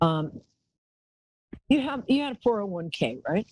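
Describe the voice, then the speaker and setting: A woman's voice: medium pitch, big pitch swings, normal speed, a little mellow, slightly rough, dry recording, low-quality recording. A woman hosting a live call-in psychic show, talking in a chatty, rambling way and calling callers darling.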